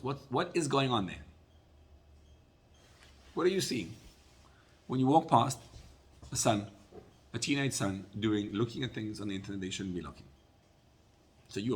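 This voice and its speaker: A man teaching a Torah class as a rabbi, telling a story in an animated way and often repeating words. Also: medium pitch, creaky.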